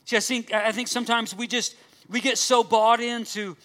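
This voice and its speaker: A man's voice: extremely high pitch, little pitch movement, moderate pace, a bit bright. A man preaching a sermon to his church, earnest and emphatic, repeating key phrases and asking the congregation direct questions. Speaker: pastor.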